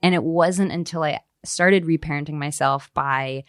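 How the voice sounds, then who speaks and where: Low-pitched woman, thirties, candid podcast guest, animated storytelling, dry close sound. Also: moderate pace, dry recording. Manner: animated, acts out quoted voices, frequent fillers. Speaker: author guest.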